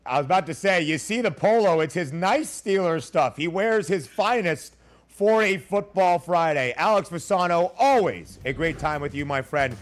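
A man's voice: a little high, animated, normal speed. A man hosting a sports betting radio show, upbeat and jokey as he introduces guests and picks.

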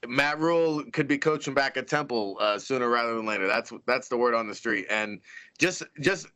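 Sports talk co-host, a man with a bright, forceful voice and punchy, opinionated delivery. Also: mid-range voice, normal speed, clear, resonant tone.

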